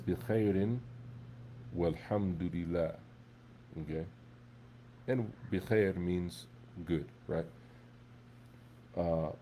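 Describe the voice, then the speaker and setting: A man teaching an Arabic class in a relaxed, conversational way, often checking in with his students. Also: low-pitched, slight background noise. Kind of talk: live classroom lesson.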